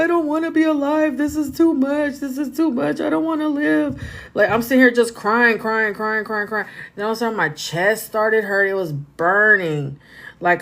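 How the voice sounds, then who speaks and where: A woman's voice: medium pitch, fairly bright tone. A woman reader chatting casually on a livestream, rambling, repeating herself and talking straight to her viewers.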